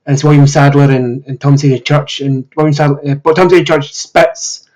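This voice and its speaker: A man hosts a casual podcast chat, his voice a little hoarse as he recovers from illness. He rambles enthusiastically, padding his sentences with filler words, and his pitch sits a touch above the average man's. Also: level tone, a little fast, a little mellow, poor audio. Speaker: podcast host.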